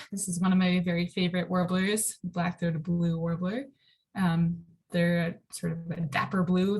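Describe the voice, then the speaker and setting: A woman with a slightly low voice gives an easygoing presentation over a video call. She talks loosely, filling her pauses with ums and likes. The pace is conversational, like an informal class. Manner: relaxed, frequent ums and likes. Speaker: birding presenter. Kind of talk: casual online slide lecture.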